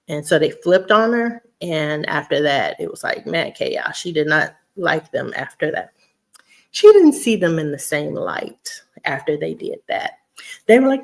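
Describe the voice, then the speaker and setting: A woman's voice: low-pitched, big pitch swings, moderate pace, creaky. A woman with a Southern US accent, chatting casually on a livestream. She is a teacher, reads viewer comments aloud and laughs often. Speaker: vlogger on a weight-loss journey.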